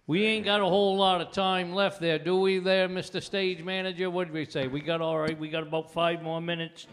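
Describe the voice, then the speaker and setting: A man hosting a comedy night on a studio stage, chatting in a folksy, rambling way. He stumbles and restarts as he tells his observations. His voice sits a little high. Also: slight background noise. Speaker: comedy show host. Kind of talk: casual stage banter. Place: studio stage with live audience.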